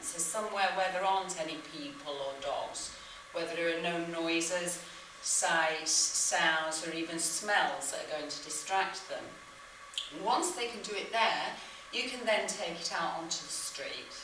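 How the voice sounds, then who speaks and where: A woman dog trainer calmly explaining how to teach a dog to come when called. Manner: calm explaining, breaking into high excited praise for the dog. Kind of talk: instructional demonstration. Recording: echoey, distant mic with background noise.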